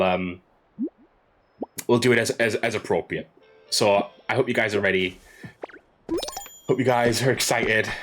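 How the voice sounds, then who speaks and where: Low-voiced man hosting a game playthrough. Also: a bit bright. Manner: casual, chatty, with fillers. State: under the weather. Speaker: let's play host. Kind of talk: gaming commentary.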